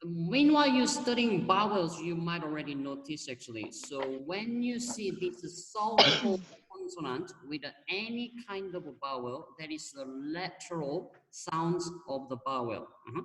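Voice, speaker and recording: A patient Korean language teacher who coaxes a student along, repeating prompts slowly over a video call. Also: male voice, fairly high pitch, lively intonation, fairly bright tone. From South Korea. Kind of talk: online language lesson. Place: home room on a video call. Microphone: computer mic on a video call. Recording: distant, roomy video-call audio.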